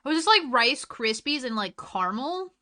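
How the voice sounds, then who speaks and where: A woman streamer in casual chat, ranting with heat and swearing, swinging between loud outbursts and low mutters. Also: very animated, normal speed. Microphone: desk mic.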